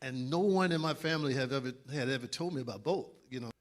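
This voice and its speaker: A man, a former player, telling an animated story and acting out quotes loudly. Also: mid-range voice, quick pace. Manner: acts out quotes loudly, laughs while telling. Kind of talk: animated anecdote.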